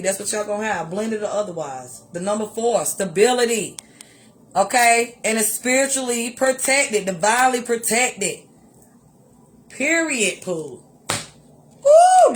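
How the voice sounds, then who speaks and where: A woman giving a tarot reading to her viewers, animated and exclamatory, repeating phrases for emphasis and calling listeners honey. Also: on the high side, moderate pace, a little hiss or hum. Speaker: tarot reader.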